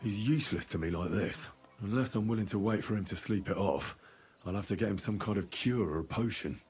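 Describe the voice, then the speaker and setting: A man's voice: lowish voice, brisk, a little mellow, natural voice. An actor playing an earnest young man investigating a girl's murder, with dry, persuasive game voice acting. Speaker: video game protagonist.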